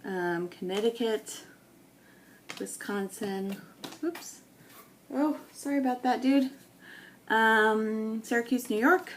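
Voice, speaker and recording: A woman's voice: fairly high pitch, slight background noise. A woman from New England who makes scrapbooking videos, talking casually and thinking aloud as she sorts old photos. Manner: thinking aloud, unhurried, with many ums. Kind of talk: casual talk while sorting photos.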